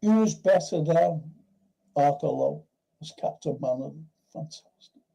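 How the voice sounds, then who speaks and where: Man, review-show host, raspy-gravelly low-timbred tone, rambling chatty storyteller, casual swearing. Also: unhurried, dark tone, poor audio. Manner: rambling anecdotal storytelling, frequent restarts. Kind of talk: casual livestream chat.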